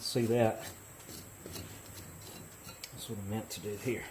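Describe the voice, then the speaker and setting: A man's voice: lowish voice, level tone, takes it slowly. Laid-back middle-aged guy in his workshop, chatty, explains as he goes, bit of hum in back. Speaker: metal casting hobbyist host. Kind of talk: casual how-to narration with storytelling. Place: foundry workshop.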